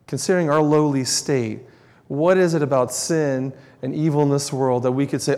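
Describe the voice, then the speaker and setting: A man's voice: a little high, fairly even intonation, normal speed, a little mellow. A man preaching a sermon, earnest and emphatic, repeating words to drive his points home. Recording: long reverb in a large hall.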